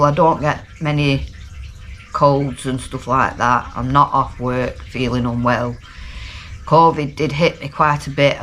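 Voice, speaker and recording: Her voice sits low with a fairly bright tone, and a little hiss or hum is audible. This middle-aged Lancashire woman, accent and all, rambles casually through a down-to-earth video diary as a vlogger.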